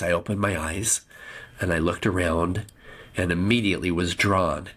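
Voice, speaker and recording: A man's voice: low-pitched, fairly bright tone, slightly rough. A man who is a podcast guest, telling a vivid story and acting out the dialogue, often restarting his phrases. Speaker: podcast guest, film producer.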